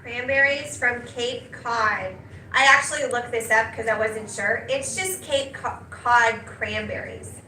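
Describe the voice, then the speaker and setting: A woman teacher, leading a class in a brisk, direct way and often checking in with "okay?". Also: a little high, sharp tone. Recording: roomy and noisy classroom, picked up from a distance.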